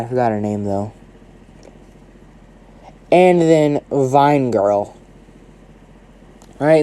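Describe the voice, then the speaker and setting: A man's voice: mid-range voice, mellow. A man narrating an improvised fan story in a rambling way, swearing and tagging lines with "right?". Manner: rambling, swears a lot, keeps saying "right?".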